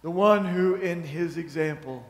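Man, pastor, sermon, unhurried delivery, long echoing hall. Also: a little high. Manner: storytelling, acting out quotes. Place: church sanctuary. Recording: echoey church hall.

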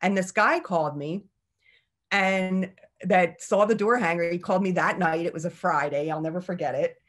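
A woman's voice: lowish voice, normal speed. A middle-aged woman giving a candid, chatty talk about her own journey, laughing often. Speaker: speaker. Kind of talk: personal story talk.

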